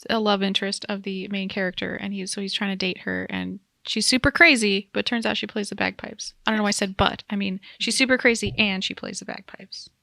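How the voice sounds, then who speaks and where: Gravelly, bright-voiced woman chatting. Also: mid-range voice, fairly even intonation, fairly quick, few pauses, dry recording, clean studio sound. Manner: chatty, laughs often. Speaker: podcast co-host. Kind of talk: casual chat.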